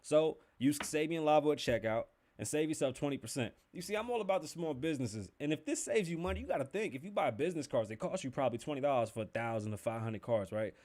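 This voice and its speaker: A man's voice: fairly high pitch, lively intonation, quick pace, few pauses, darkish tone. A young man hosting a casual podcast livestream, joking and chatting loosely, swearing freely as he talks to viewers. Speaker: podcast host.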